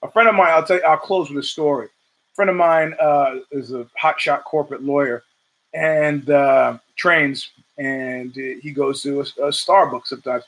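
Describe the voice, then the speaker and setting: A man's voice: steady tone, moderate pace, fairly bright tone, rough recording. A man hosting his own show, talking casually in a rambling monologue full of asides, restarts and swearing, acting out quotes in a raised voice. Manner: acts out quotes in a raised pitch. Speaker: podcast host.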